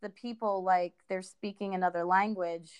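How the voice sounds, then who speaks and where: A middle-aged woman speaking as a guest in a casual conversation, pausing often and restarting her sentences. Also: medium pitch, fairly even intonation, smooth, no room sound, muffled recording. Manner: halting, many fillers and restarts.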